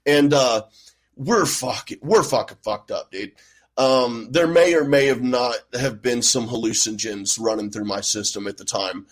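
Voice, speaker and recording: A man from the American Midwest, telling an anecdote on a podcast in a relaxed, rambling way. He swears often and drifts through many fillers. His voice sits at an ordinary middle pitch. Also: moderate pace, rough recording. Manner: laid-back, profane storytelling. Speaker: podcast co-host. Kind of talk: casual chat.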